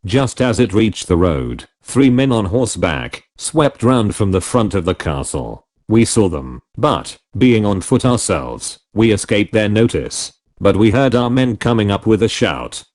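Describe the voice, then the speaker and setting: A man narrating an adventure novel in the first person, with measured, dramatic storytelling. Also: lowish voice, very animated, a little mellow. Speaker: audiobook narrator.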